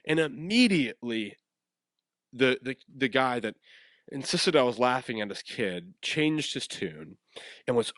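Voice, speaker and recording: A young man hosts his own podcast and tells a story in a loose, animated way. His pitch swings a lot while he laughs and stumbles over repeated words. The sound is dry and close, with almost no room in it. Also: a little slow, no room sound. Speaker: podcast host. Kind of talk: casual storytelling monologue.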